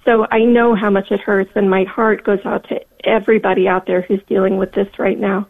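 A woman in her fifties calling into a radio show, speaking softly and reflectively. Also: medium pitch, little pitch movement, fairly quick. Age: 50s. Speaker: caller. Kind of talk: call-in radio chat. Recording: tinny phone line.

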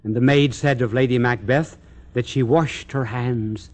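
A man giving recorded Catholic religious instruction in a dramatic, declamatory way, with long pauses between phrases. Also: medium pitch, steady tone.

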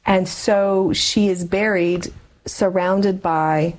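A woman's voice: fairly low pitch, fairly even intonation, takes it slowly. A middle-aged woman, an interview guest, telling a personal story in an earnest, reflective way. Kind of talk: personal testimony in conversation.

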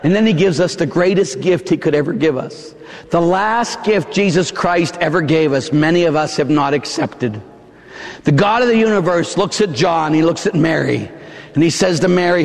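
A male preacher giving a fiery sermon in a church, shouting emphatic lines with dramatic pauses. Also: on the high side, gravelly. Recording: long hall reverb.

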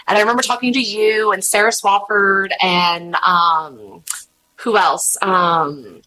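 A chatty woman, talking casually in an interview. Her voice is bright and clear, and she tells animated stories, jumping into quoted voices. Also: medium pitch, takes it slowly, rough recording. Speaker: podcast host and guest.

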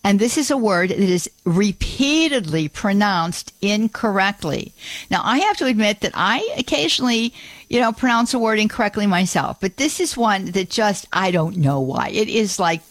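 A woman's voice: mid-range voice, lively intonation, no echo. Upbeat female call-in radio host, chatty with frequent laughs, dry studio mic. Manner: chatty and upbeat, laughs often, repeats phone numbers slowly. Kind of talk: live call-in radio talk. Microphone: studio microphone.

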